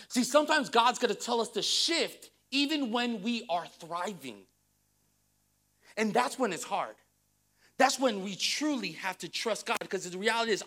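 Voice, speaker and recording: A woman pastor preaching a sermon, reading scripture and joking with the congregation in a lively way. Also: mid-range voice, moderate pace.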